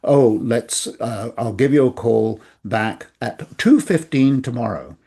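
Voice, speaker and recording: A man hosting a talk on handling objections, earnest and measured, acting out the replies he suggests. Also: medium pitch, vocal fry, warm tone, breathy edge. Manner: measured, earnest speaker who acts out quoted replies. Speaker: host.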